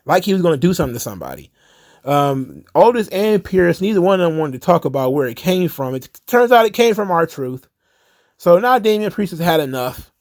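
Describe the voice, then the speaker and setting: A man with a somewhat high voice rants casually about the week's wrestling. He sounds sarcastic and exasperated, and his tone is loose and unscripted. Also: big pitch swings, a little fast. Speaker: wrestling commentary host. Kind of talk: casual ranting commentary.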